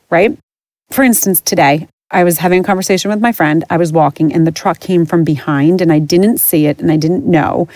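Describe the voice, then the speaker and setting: A woman's voice: fairly low pitch, darkish tone, dry recording. A middle-aged woman hosting a podcast, ranting in a blunt, profane and exasperated way. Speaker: podcast host. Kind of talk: casual ranting monologue.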